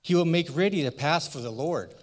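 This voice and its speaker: Stern heavenly messenger voiced by a man in a church skit, slow commanding declarations with a long hall echo. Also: fairly high pitch, expressive, lightly acted. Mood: gentle proclamation. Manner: solemn, commanding pronouncements. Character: mighty male angel messenger, stern.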